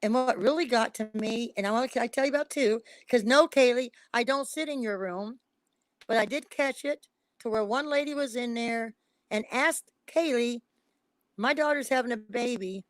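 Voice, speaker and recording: A woman with a high voice speaks as a psychic reader visiting someone's live stream. She talks in an emotional, casual way, pleading and hammering her points home by repeating them. Her voice sounds dry and close, with no room echo. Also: normal speed. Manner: emphatic and repetitive, pleading.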